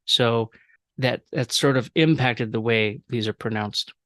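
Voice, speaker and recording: A man teaching a recorded language lecture, explaining rules with fillers and repeating example words slowly. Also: mid-range voice, a bit bright, no room sound, clean studio sound. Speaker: professor.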